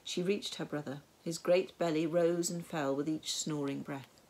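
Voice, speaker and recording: A woman narrating a storybook tale in a measured, wry way. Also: low voice, fairly even intonation, darkish tone. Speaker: audiobook narrator.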